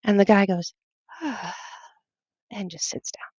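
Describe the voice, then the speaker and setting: A woman guest telling a personal story in a casual way. She quotes other people, uses plenty of fillers and sounds animated. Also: mid-range voice, normal speed, no room sound. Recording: dull, slightly lo-fi sound.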